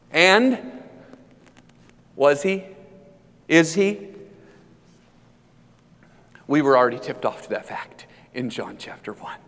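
Male pastor, mid-pitched voice, dynamic sermon delivery, long reverb. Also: sing-song, slow pace, pauses often. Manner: dynamic preaching, building from hushed to loud emphatic peaks.

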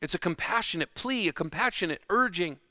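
A man preaching a sermon, slow and dramatic, dropping to a hush to stress key words. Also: high-pitched, animated, dry recording, clean studio sound.

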